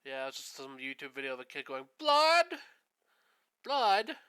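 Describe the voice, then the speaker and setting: A man's voice: medium pitch, monotone, fast talker, bright, forceful tone, smooth. A man hosting a stream, chatting in a rambling, easygoing way while he paints. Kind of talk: casual chat while painting. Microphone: streaming setup.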